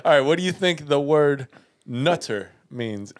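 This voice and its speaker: A man co-hosting a casual podcast, playfully quizzing his friend on slang words, spelling them out slowly and laughing often. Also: fairly high pitch, expressive, no room sound, studio quality. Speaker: podcast co-host. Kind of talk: casual chat.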